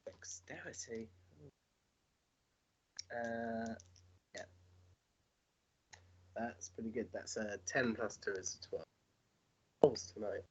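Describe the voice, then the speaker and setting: A man's voice: on the low side, takes it slowly, pauses often, a bit bright, breathy edge. A man playing in a tabletop game, eagerly describing his character's moves and calling out dice rolls. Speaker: player. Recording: dull lo-fi mic.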